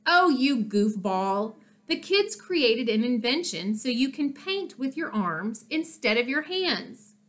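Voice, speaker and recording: A woman voicing a brusque, bossy older friend who teases to hide her soft heart. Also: on the high side, big pitch swings, slow. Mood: gruff teasing. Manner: brusque, teasing.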